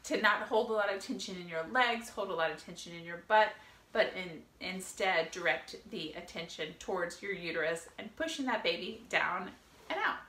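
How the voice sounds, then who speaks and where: Woman birth educator, friendly and lively, bright tone, echoey room. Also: lowish voice, normal speed. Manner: friendly, lively, with fillers and laughs. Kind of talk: educational video talk.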